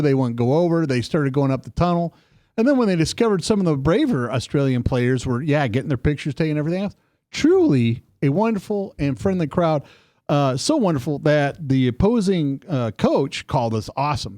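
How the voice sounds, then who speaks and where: A man co-hosting a casual political radio chat, telling stories in an animated, lively way. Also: dry recording, studio quality. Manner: animated storytelling, lively pitch swings. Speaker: co-host. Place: studio.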